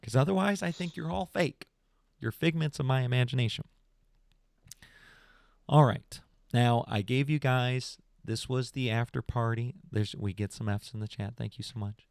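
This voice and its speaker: A young man hosting a late-night podcast stream, talking in a loose, rambling way and jumping between stories and complaints. He sounds animated and casual, with his voice sitting at a middle pitch. The sound is dry and close to the mic. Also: gravelly, no echo. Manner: rambling, animated storyteller, says "bro". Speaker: podcast host.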